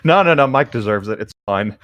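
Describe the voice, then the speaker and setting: A man's voice: mid-range voice, animated, brisk, fairly bright tone, no room sound. A man making wry, joking asides while he co-hosts a casual podcast with friends. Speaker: podcast co-host. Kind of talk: casual chat.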